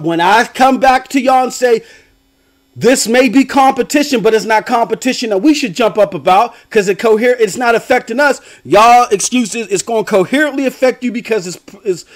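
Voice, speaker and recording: Hosting a gaming stream, this young streamer and podcaster rants at high volume and laughs a lot. His delivery veers from shouts down to quiet mumbles.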